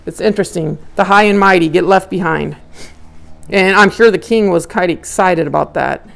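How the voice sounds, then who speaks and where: Animated woman teaching a Bible lecture. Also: lowish voice, moderate pace, gravelly. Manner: animated, acts out characters' inner dialogue.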